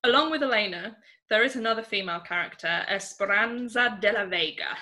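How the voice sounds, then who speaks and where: A woman's voice: mid-range voice, a little fast, bright, forceful tone. An English woman co-hosting a podcast, chatting casually about a film and laughing often. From England. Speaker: podcast co-host.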